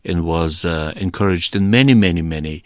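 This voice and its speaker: A man from the Soviet Union telling his personal testimony, hesitant with many fillers but animated. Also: low-pitched, a little fast, dry recording, clean studio sound. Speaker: speaker giving testimony.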